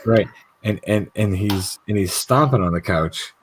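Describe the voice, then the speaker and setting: A man's voice: on the low side, measured pace, a little hiss or hum. A man co-hosting a casual livestream chat, telling stories with plenty of swearing and acting out the voices of people he quotes. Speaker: livestream co-host.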